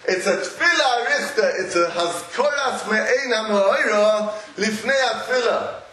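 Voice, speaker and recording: Male lecturer, high pitch, halting and animated, echoey room. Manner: animated, halting with repeated restarts, laughs often. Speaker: Torah teacher. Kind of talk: Talmudic lecture. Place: echoey room with a live audience. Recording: roomy echo, faint noise.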